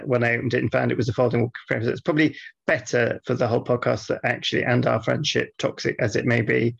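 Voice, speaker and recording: A man co-hosting a podcast, dry and deadpan, grumbling in casual banter. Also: mid-range voice, gravelly, lo-fi sound. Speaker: podcast co-host.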